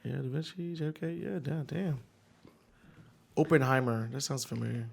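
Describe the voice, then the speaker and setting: A man's voice: mid-range voice, normal speed, vocal fry, darkish tone, slightly rough. A man co-hosting a podcast, chatting casually and reacting with easygoing, profane remarks. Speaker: podcast co-host. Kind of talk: casual chat.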